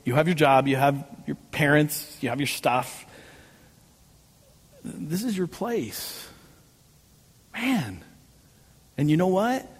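A male pastor preaching in a church sanctuary, his voice sitting a little high for a man and trailing off into the long reverb of a large hall. He tells personal stories in an animated way and pokes fun at himself as he goes. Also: takes it slowly, long pauses, husky. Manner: animated storytelling with self-mocking jokes. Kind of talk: sermon.

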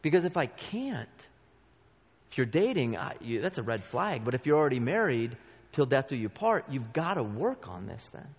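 A man's voice: medium pitch, big pitch swings, normal speed, husky. A middle-aged man teaching a Bible study group, earnest and conversational, speaking straight to the listeners. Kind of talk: church teaching talk. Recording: dull sound with long hall reverb.

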